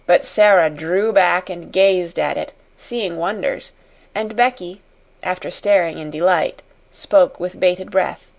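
Woman audiobook narrator, unhurried, measured delivery. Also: fairly low pitch, gravelly. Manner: slow, measured reading. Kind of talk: scripted narration.

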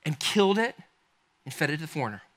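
A man preaching a sermon, telling a story in an animated, conversational way that speaks straight to his listeners. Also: a little high, fast. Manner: animated, conversational, addresses the congregation directly. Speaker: pastor.

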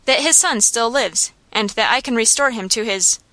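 A woman voicing a rough, insolent male saloon keeper who talks in a coarse, sly, slangy way. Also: a little high, normal speed, sharp tone, dry recording.

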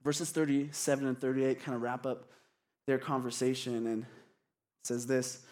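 A man's voice: medium pitch, flat delivery, normal speed, a little mellow. A male pastor giving a casual, candid sermon to his congregation, with frequent "like" and self-deprecating asides. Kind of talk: conversational sermon. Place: church congregation.

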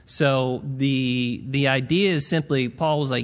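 A man's voice: medium pitch, steady tone, takes it slowly, few pauses. A man preaching a Bible teaching in a casual, conversational way, retelling scripture stories in plain modern words.

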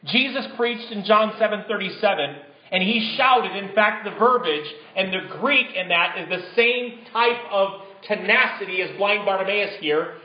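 A male pastor with a fairly high voice delivers a sermon, moving between easy conversational talk and forceful emphatic lines. His voice rings in a roomy church sanctuary. The recording is slightly dull. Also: moderate pace. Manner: conversational, builds to emphatic bursts.

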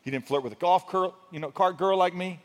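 A man's voice: sits high, a little fast. A male pastor preaching a sermon in a conversational, storytelling way, with humor and rising emphasis. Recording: long hall reverb.

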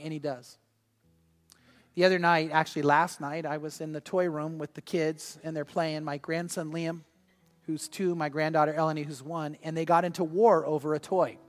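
An older man, a grandfather and pastor, preaching a sermon with earnest storytelling that drops soft and quiet in personal moments. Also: on the high side, fairly even intonation, a little fast, faint music behind.

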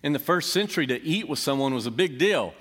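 A man's voice: on the high side, expressive, fast talker, a bit bright, slightly rough. A man preaching a sermon as pastor, earnest, building emphasis with rhetorical questions. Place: church sanctuary. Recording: long church hall reverb.

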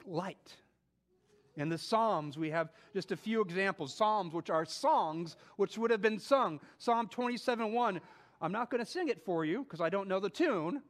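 A man with a fairly high voice preaches a sermon. He talks conversationally and keeps going with fillers and restarts. When he reads scripture he slows down and gives the words weight. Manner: animated, with quoted scripture spoken slowly. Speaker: pastor.

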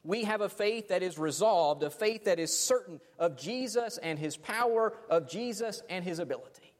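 A man's voice: sits high, animated, moderate pace. A man preaching a sermon, dramatic, letting his phrases fade off almost to silence. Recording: long hall reverb.

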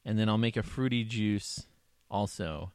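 A man's voice: on the low side, a little slow, darkish tone, dry recording, clean studio sound. A man chatting casually and joking around with a friend, riffing on silly ideas. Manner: joking, rambling, playful. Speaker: co-host. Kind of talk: casual chat.

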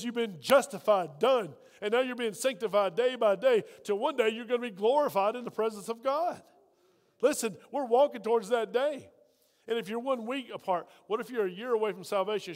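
A man's voice: high-pitched, long reverb tail. A man preaching a sermon as pastor, fervent and full of rhetorical questions to the congregation.

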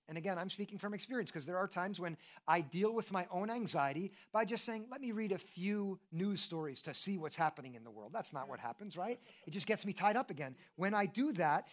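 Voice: mid-range voice, a bit bright. A preacher giving a sermon in an earnest, conversational way, who often asks the listeners questions and restarts with "and, and". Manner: often repeats "and, and" when starting a thought.

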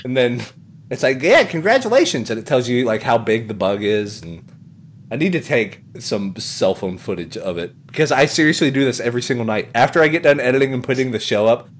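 A man hosting a podcast in casual chat, animated, swearing and using lots of fillers. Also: mid-range voice, brisk, slight background noise. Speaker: podcast host.

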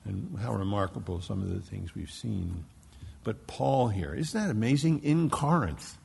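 A man from Philadelphia preaching a sermon as pastor, emphatic, dropping to a hush and rising to loud stresses. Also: on the low side, lively intonation, unhurried, vocal fry, breathy edge. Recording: long hall reverb.

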